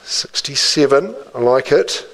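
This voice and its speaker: A man working as an auctioneer, calling bids in a rhythmic patter, repeating the figures with quick asides to the room. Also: mid-range voice, animated, fairly bright tone, poor audio.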